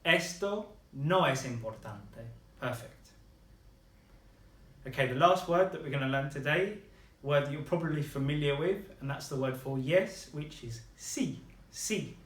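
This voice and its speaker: Brief: male tutor, a bit high-pitched, patient and encouraging, recorded in an echoey room. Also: lively intonation, fairly bright tone. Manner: patient, encouraging, models words slowly. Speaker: language teacher. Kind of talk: one-on-one language lesson.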